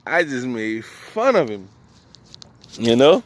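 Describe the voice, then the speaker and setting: A man's voice: mid-range voice, very animated, slow pace, long pauses, no room sound. A man from New Orleans with a New Orleans accent, telling loose, slangy comic stories and laughing between lines. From New Orleans, USA. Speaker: comedian. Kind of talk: stand-up storytelling.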